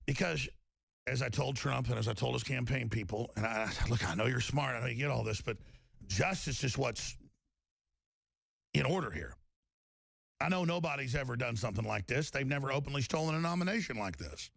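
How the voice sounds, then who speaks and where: A man hosts a radio show in an emphatic, rambling monologue, stumbling over repeated words as he pushes his point. His voice is heavily gravelly, with a mid-range pitch. It is recorded close and dry in a studio. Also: animated, fairly quick, a bit bright, dry recording. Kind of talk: impassioned talk-radio monologue.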